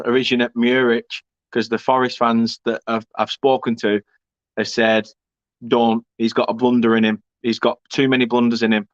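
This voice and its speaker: A young man chats through viewer comments on a live football stream, full of cheeky banter and the odd swear. His voice comes through a dull, muffled mic in a dead, dry room, with no echo around it. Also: mid-range voice. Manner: chatty, banter-filled, swearing, laughing asides. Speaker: fan channel host. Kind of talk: casual live-stream chat reading comments.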